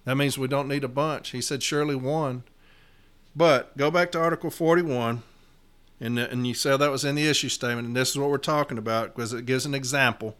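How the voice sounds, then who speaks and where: A man's voice: mid-range voice, fairly even intonation, a little fast, a bit bright, clear, resonant tone. A man hosting an episode, earnestly explaining a labor arbitration decision and reading contract language aloud with emphasis. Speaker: union steward and podcast host.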